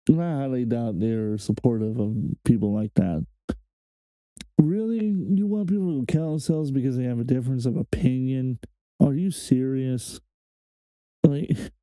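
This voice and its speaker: A man's voice: mid-range voice, dark tone, dry recording, low-quality recording. A man hosting a reaction video, ranting heatedly and swearing often. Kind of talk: casual reaction commentary.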